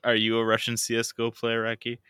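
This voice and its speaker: A man's voice: medium pitch, completely flat delivery, fast talker, bright, forceful tone, clean tone, no echo, studio quality. A man co-hosting a casual chat, mocking the others and laughing often. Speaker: podcast co-host.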